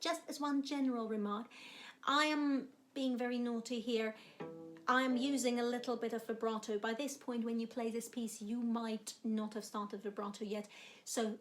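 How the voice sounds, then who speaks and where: A woman cello teacher explaining technique in a music lesson, with warm, encouraging explanations. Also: on the high side, steady tone, normal speed.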